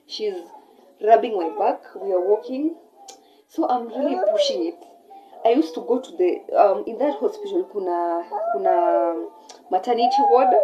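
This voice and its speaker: A young woman with a Kenyan accent telling a personal story in a casual, animated way, switching between English and Swahili mid-sentence. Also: mid-range voice, dull audio. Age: young adult. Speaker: vlogger.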